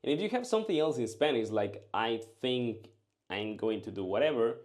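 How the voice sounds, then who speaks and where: A man teaching a language lesson, drilling short phrases and answers in a slow, carefully enunciated way. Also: medium pitch, lively intonation, a little mellow.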